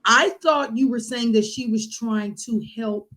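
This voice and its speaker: A woman's voice: on the high side, a little slow, a bit bright, poor audio. A woman co-hosting a casual podcast chat, cutting in with questions. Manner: interjecting, questioning. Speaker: podcast co-host.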